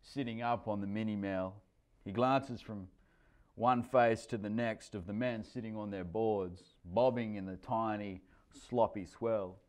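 A man reads a story aloud in a wry, expressive way. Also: on the low side, a little slow. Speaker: narrator. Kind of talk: storytelling reading.

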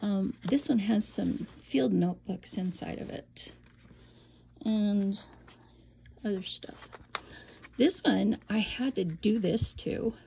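Slow, gravelly woman showing crafts. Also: medium pitch, mellow, slight background noise. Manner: chatty, rambling, laughs often, some whispered asides. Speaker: crafter showing a handmade album. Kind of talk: casual show-and-tell.

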